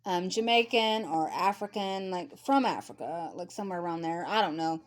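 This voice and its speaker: A woman vlogger in her thirties talks at a moderate pace in a voice on the low side. She rants bluntly to camera in casual commentary, hammering points home through repetition.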